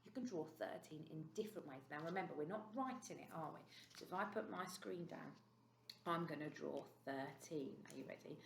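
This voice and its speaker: A woman's voice: low-pitched, a little hiss or hum. Encouraging teacher woman in an echoey room. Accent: British English. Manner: bright, encouraging, slow and clear for small children. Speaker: reception class teacher. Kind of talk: recorded remote maths lesson for young children.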